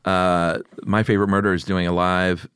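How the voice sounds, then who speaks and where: A middle-aged man hosting a podcast in casual chat, relaxed and laughing easily as he reads out listener picks. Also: deep voice, moderate pace, clean tone, no echo, studio quality. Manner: laid-back, laughs often, reads listener picks aloud. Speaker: podcast host.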